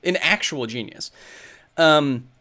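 A man's voice: on the high side, lively intonation, takes it slowly, sharp tone. A man in his thirties hosting a casual livestream Q&A, answering viewer questions about science. He thinks aloud and rambles, with many fillers and restarts.

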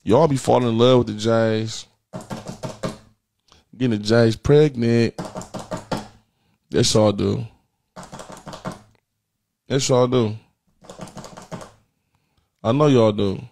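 Male host, brash and foul-mouthed, comic rants with squealing pitch jumps, mid-pitched voice. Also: slow, long pauses, a little mellow. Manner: brash, profane, swings into high squeals. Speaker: host of a call-in prank show. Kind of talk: crude comedic rant and call-in chat.

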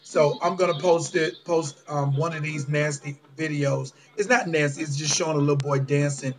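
A man's voice: fairly high pitch, steady tone, moderate pace. A man, ranting to viewers in a casual vlog, agitated and indignant, swearing and calling them y'all. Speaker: vlogger.

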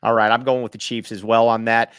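A man hosting a casual sports podcast, chatting and reading a sponsor spot with lively energy. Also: mid-range voice, brisk, clear, resonant tone, dry recording. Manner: animated, hypes sponsor read. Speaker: podcast host.

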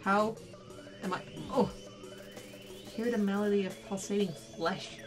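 A woman's voice: mid-range voice, normal speed, long pauses. A young woman playing a video game, reading on-screen text aloud between startled reactions. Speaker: let's play gamer. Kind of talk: let's play commentary. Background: game music.

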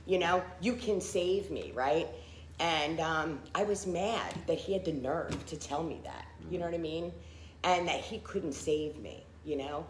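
A woman's voice: deep voice, measured pace, roomy sound, slight background noise. A middle-aged woman giving a candid personal recovery testimony, full of fillers and acted-out quotes. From Philadelphia area. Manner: candid, frequent fillers, acts out quoted people.

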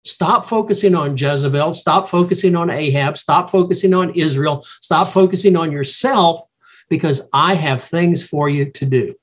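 A man's voice: on the high side, normal speed, husky. A man voicing God as a stern presence confronting a runaway prophet.

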